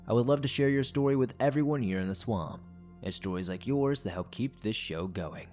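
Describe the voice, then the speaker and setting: A man hosting a horror story show, narrating listener-submitted stories in a measured way. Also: fairly low pitch, lively intonation, a little mellow, faint music behind.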